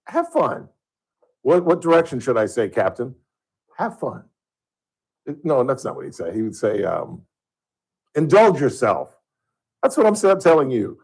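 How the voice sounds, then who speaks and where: A man's voice: on the high side, rough recording. A man hosting a talk radio show, rambling casually and chuckling at his own jokes into a studio microphone.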